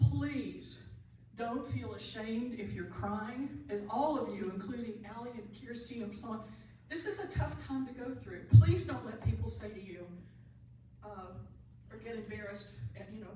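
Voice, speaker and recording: Woman speaker, fairly high voice, earnest and emphatic, caught by a distant mic in a very echoey hall with faint hiss. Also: normal speed, dark tone. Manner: earnest, repeats key phrases for emphasis. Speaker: end of life doula and pastor giving a talk. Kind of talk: conference talk to a live audience. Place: large room, speaking to an audience. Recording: very echoey room audio from far off, light hiss.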